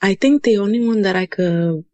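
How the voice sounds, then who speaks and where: A woman's voice: medium pitch, normal speed, darkish tone, dry recording. A woman in her thirties from Houston, chatting casually as a podcast guest, telling stories with many "you know"s and Spanish words sprinkled in. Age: 30s. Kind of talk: casual storytelling interview.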